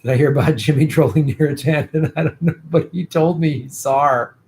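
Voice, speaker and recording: A man's voice: fairly high pitch, fairly quick, a little mellow, a little hiss or hum. Tired, worn-voiced man hosting a livestream. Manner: rambling, chatty, swears casually. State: tired, losing his voice. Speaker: host. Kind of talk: casual livestream political commentary.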